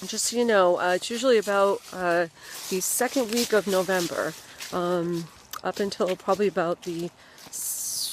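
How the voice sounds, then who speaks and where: A woman comedian delivering a mock-serious on-location report outdoors, talking haltingly with many fillers. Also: lowish voice, a little hiss or hum. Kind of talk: deadpan mock documentary narration.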